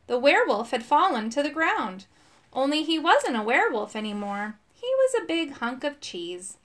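A woman narrating a children's chapter book aloud, expressive and voicing the characters. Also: on the high side. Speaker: audiobook narrator. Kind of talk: children's audiobook reading.

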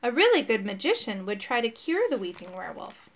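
A woman narrating a children's chapter book aloud, expressive and voicing the characters. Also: a little high, brisk, a little hiss or hum. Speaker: audiobook narrator. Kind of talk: children's audiobook reading.

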